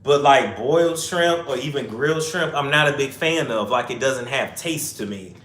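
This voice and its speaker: A man's voice: mid-range voice, moderate pace, a bit bright. A young man hosting a casual livestream chat, reading viewer comments aloud and answering in rambling asides. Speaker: host. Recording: echoey room.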